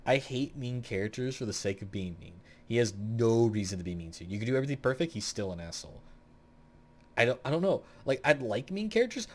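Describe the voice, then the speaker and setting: Lively-voiced young man ranking game characters. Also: medium pitch. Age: young adult. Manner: rambling, blunt and opinionated, swears freely. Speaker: gaming video host. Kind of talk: casual tier-list commentary.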